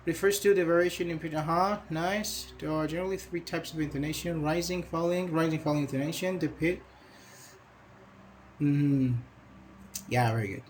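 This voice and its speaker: Chatty male English teacher, higher voice. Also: normal speed, a little hiss or hum. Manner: chatty, reads student comments aloud and praises them. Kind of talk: live online grammar lesson.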